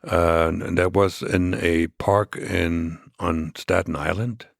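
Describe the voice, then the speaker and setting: A man as a podcast guest, recounting past events in a measured, reflective way during a conversational interview. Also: deep voice, little pitch movement, vocal fry, dry recording, clean studio sound.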